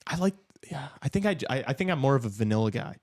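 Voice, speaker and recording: A man hosting a casual live talk show, reacting to a hockey game with excited outbursts and jokes. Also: medium pitch, fast talker, dry recording, studio quality. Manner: excitable, shouts at big plays, joking. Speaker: podcast host watching a hockey game.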